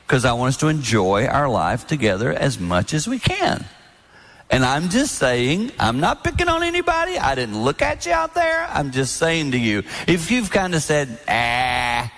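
A man in his sixties giving a sermon-style talk on marriage, animated and storytelling, acting out other people's lines. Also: a little high. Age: 60s. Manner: animated storytelling with mimicked voices. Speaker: speaker at a marriage event. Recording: long hall reverb.

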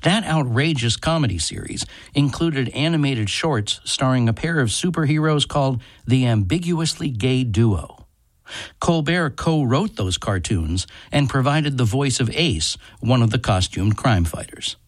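Measured man narrating a radio program. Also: medium pitch, animated, no room sound, clean studio sound. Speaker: TV critic and radio show host. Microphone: studio microphone.

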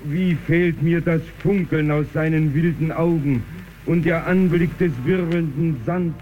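A man's voice: a little high, steady tone, a little slow, phone-quality sound, a little hiss or hum, lightly acted. An actor in an old live German radio play, playing a weary man with a meat cart who misses his lion, in a theatrical manner, heard on an old archive recording. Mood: lamenting. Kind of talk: 1930s live radio acting.

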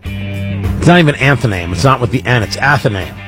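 A man's voice: mid-range voice, expressive, brisk, over music. A man hosting a talk radio show, chatting casually with wry asides and frequent restarts.

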